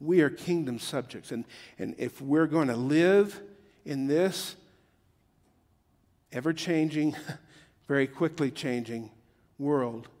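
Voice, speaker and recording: A man's voice: fairly high pitch, slow, long pauses, a little mellow, big-room sound. A middle-aged man preaching a sermon in a joking, conversational way that builds to emphatic peaks. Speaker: pastor.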